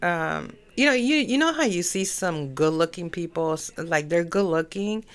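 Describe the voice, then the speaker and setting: A woman's voice: fairly low pitch, lively intonation, normal speed, smooth. A middle-aged woman hosting an astrology podcast, chatting in a rambling way full of "you know" fillers. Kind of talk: rambling casual monologue.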